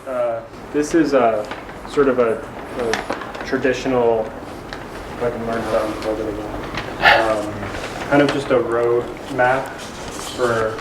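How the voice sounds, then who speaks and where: A man's voice: mid-range voice, fairly even intonation, measured pace. Hesitant man in a roomy, noisy hall. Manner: hesitant, many ums. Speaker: workshop participant. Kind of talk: informal presentation. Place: conference room. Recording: roomy with noise.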